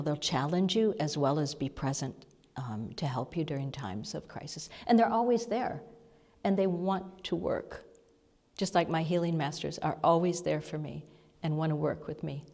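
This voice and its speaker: A woman giving a chatty, meandering spiritual talk to a congregation, now and then dropping to a hushed whisper, recorded in a spiritual center hall. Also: low voice, normal speed. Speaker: spiritual speaker and sound healer. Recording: long hall reverb.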